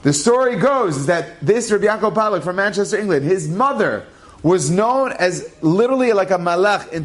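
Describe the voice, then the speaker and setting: Animated male rabbi telling a story. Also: sits high. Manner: animated, acts out dialogue, casual phrasing. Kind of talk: inspirational storytelling.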